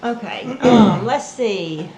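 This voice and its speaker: A woman's voice: medium pitch, lively intonation, slow, mellow. A woman co-hosting a casual live stream, talking in an easygoing, rambling way. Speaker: podcast co-host. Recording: echoey room with faint hiss.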